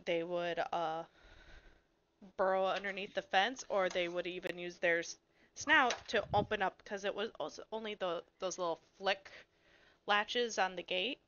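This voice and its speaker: A woman's voice: medium pitch, unhurried, dull audio, a little hiss or hum. A woman co-hosting a podcast, telling a story in casual chat, blunt and swearing freely. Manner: animated storyteller. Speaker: podcast co-host.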